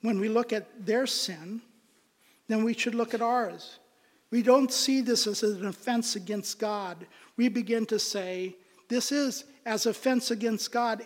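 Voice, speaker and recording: A man delivers a sermon at a measured, unhurried pace, his tone earnest and his voice sinking to a whisper for emphasis. The long reverb of a church hall trails behind each phrase. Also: sits high. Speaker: pastor.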